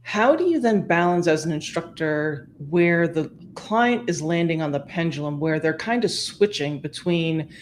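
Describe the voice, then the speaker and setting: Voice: mid-range voice, expressive, normal speed, hardly any pauses, slight background noise. A host of a livestream chat, asking long, winding questions in a casual way.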